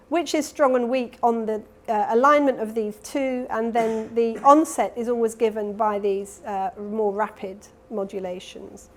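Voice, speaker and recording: A woman lecturing at a conference in a slightly high voice. She explains carefully and patiently, catching and correcting herself mid-phrase. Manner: explanatory, with self-corrections and fillers. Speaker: keynote lecturer. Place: conference hall.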